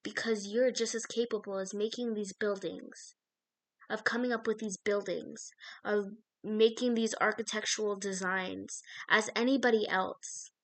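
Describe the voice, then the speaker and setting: A woman's voice: medium pitch, fairly even intonation, unhurried. A woman gives an intuitive card reading straight to her viewer. Her talk drifts and circles, full of fillers, and she often breaks off mid-thought to start again. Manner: meandering, filler-heavy, self-interrupting.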